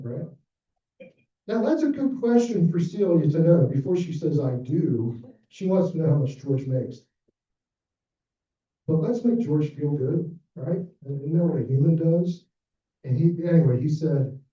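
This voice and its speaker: Middle-aged male presenter, storytelling workshop style, dark voice, far-off mic in a very echoey, muffled room. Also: fairly high pitch, animated, moderate pace. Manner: storytelling, acts out quoted dialogue. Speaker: planned giving director presenting a workshop. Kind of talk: conference talk to fundraisers. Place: conference room with an audience. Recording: distant, echoey, dull room recording.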